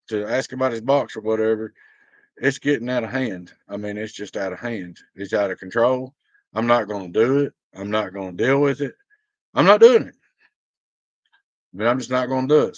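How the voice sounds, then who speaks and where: A blunt man rants to his viewers in a casual vlog and rambles through his grievances. His voice is mid-pitched. The recording is dry and a bit dull and lo-fi. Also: no room sound. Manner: blunt, aggrieved, rambling storytelling. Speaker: small business owner.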